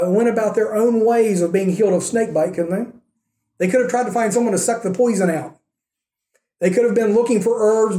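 A man's voice: high-pitched, dark tone. A man preaching a sermon as a pastor, earnest and full of rhetorical questions and repeated phrases. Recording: roomy echo.

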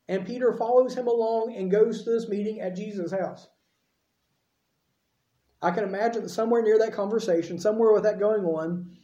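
A man's voice: high-pitched, moderate pace, mellow, lo-fi sound. A man preaching a sermon in a conversational way, often putting questions to his listeners. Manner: conversational, asks the audience questions. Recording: roomy echo.

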